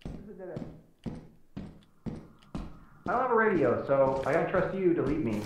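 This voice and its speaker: A man's voice: fairly high pitch, sing-song, moderate pace, far from the mic. A man joking and teasing his friends in casual chat while playing a game together. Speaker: fellow player. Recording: echoey in-game voice chat with noise.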